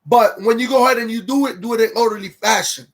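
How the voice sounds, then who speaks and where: A man with a fairly high voice talks straight to his livestream viewers in a loose, casual way. He circles back on the same phrases and greets people as they join. He turns heated and incredulous as he reacts. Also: fast talker, a bit bright. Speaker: livestream host.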